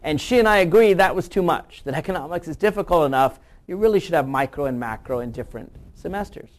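A political commentator reacting to a news clip, animated and sarcastic, firing off mocking rhetorical questions and answering them. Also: medium pitch, quick pace. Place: Virginia.

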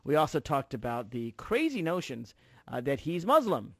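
A man's voice: on the high side, very animated, moderate pace, fairly bright tone, no room sound. A man hosting a political talk radio show, delivering an emphatic, sarcastic monologue from a studio.

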